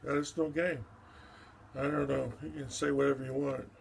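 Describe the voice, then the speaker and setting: A man's voice: medium pitch, flat delivery, moderate pace, gravelly, a little hiss or hum. An older man delivering a rambling, profane, agitated monologue that jumps erratically from one subject to the next. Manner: erratic, profane and agitated, jumping between topics.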